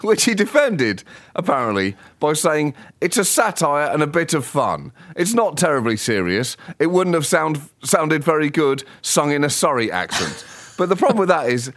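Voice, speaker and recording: A man's voice: on the high side, very animated, moderate pace, a bit bright, no echo. Ironic man, dry mic. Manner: arch, ironic, theatrical outrage. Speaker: co-host. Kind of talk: satirical comedy chat.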